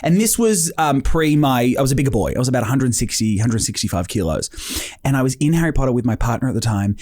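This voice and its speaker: A young man, co-hosting a casual chat show and telling stories animatedly. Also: quick pace. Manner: animated storyteller, swoops into high voices for quotes. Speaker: co-host.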